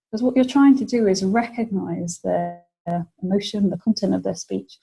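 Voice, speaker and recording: A woman's voice: mid-range voice, gravelly, mellow, husky, low-quality recording. A British woman presenting a webinar lecture, explaining ideas and acting out example phrases for clients.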